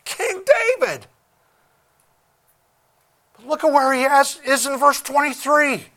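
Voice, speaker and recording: Male preacher, high-pitched and emphatic, restarts phrases as he goes. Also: flat delivery, bright, forceful tone. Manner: emphatic, deliberate, repeats words while searching. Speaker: pastor. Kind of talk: sermon.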